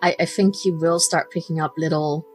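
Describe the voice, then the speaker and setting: A woman's voice: low-pitched, steady tone, fairly quick, soft background music, low-quality recording. A woman hosting a podcast, talking in a chatty, giggly way with frequent restarts. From Netherlands. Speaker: podcast host. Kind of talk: casual podcast chat.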